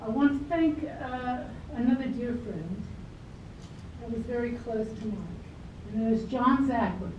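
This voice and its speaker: A woman giving an earnest, slightly nervous eulogy to a crowd in a club hall, her voice a little high. She is heard from far off in an echoey room. The recording is dull with a faint background hiss. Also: a little slow, darkish tone. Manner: earnest, grateful, a bit nervous. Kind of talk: prepared speech at a memorial. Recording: roomy, distant, dull amateur video.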